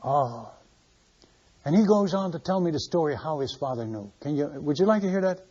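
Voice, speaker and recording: A man's voice: a little high, expressive, fast talker, warm tone, husky. An older man, a missionary preacher, telling a story in a sermon. He speaks animatedly, repeats words and acts out the dialogue. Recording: muffled lo-fi recording.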